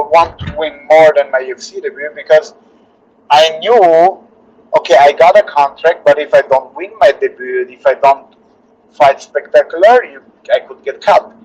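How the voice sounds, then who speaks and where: A male fighter answering interview questions earnestly in halting, restarting English. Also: a little high, darkish tone. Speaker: UFC fighter being interviewed. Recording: slightly dull lo-fi audio.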